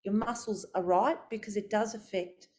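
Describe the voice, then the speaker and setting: A middle-aged woman vocal coach talks a group through voice warm-ups. Her delivery is expressive and demonstrative, moving between low and high to model technique. Her pitch sits in an ordinary middle range for a woman. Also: moderate pace. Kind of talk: coaching workshop talk.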